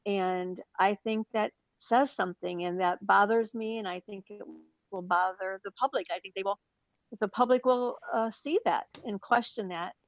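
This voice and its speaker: A woman answers interview questions as a book author, earnest and measured, with plenty of fillers. The recording is dry and a little dull, with little room sound. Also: medium pitch, dry recording.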